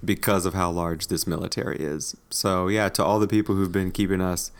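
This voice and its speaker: A man's voice: low-pitched, fairly even intonation, a little fast, clear, resonant tone. A man co-hosting a podcast in casual chat, tossing in dry, wry quips. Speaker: podcast co-host.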